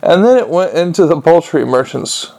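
A man reading a comic novel aloud as a narrator, in a wry, measured storytelling manner. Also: a little high, animated, vocal fry, a little mellow. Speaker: audiobook narrator. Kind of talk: scripted narration.

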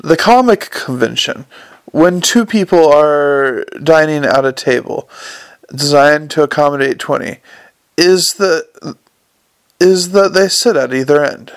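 Brief: male narrator, measured storytelling, slightly raised pitch, gravelly. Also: expressive, no room sound. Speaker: audiobook narrator. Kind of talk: audiobook narration.

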